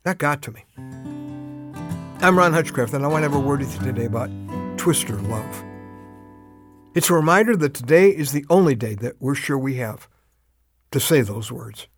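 An older man giving a short, earnest radio devotional, slowing to drive home urgent appeals. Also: medium pitch, animated, soft background music.

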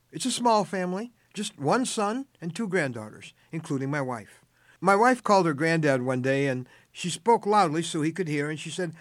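A man's voice: on the high side, no room sound. An older man hosting a short radio devotional, telling a family story with earnest, tender emphasis.

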